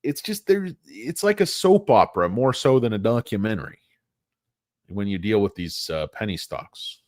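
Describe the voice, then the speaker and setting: Brief: low-voiced male stream host, rambling and jokey, very lively delivery. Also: moderate pace, no echo, clean studio sound. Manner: joking, rambling, self-mocking. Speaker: livestream stock show host. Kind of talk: casual livestream chat.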